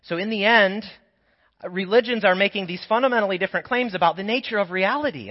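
Man preaching with a sore throat. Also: high voice. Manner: conversational, explanatory teaching. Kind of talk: sermon. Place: church sanctuary. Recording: dull lo-fi sound with long church reverb.

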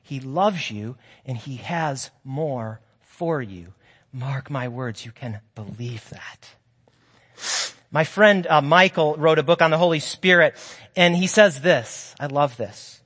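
A man with a high voice preaches a sermon, earnest and encouraging, weaving in personal stories and speaking to the congregation as friends. His voice rings out with a long reverb that carries through a church sanctuary. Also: lively intonation, slow, fairly bright tone, breathy edge.

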